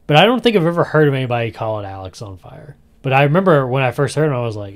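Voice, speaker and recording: A man's voice: mid-range voice, sing-song, racing. A man hosting a podcast in a casual chat, talking in a chatty, rambling way and often laughing. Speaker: podcast host.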